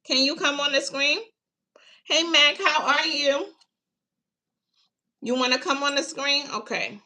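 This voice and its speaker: Her voice is high-pitched and sharp, and her pace is measured. This tarot reader hosts a relaxed live stream, answering questions and chatting unhurriedly with viewers, whom she addresses as baby and honey.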